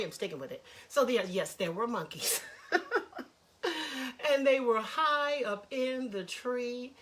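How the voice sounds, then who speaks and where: A woman storyteller telling a children's story with lively, chatty asides to her listeners. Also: mid-range voice, a little hiss or hum.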